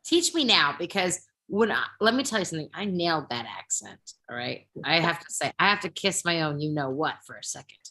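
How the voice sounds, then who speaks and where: An actress chatting as a guest in a casual interview, lively, playful and theatrical. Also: female voice, low voice, fairly quick, hardly any pauses.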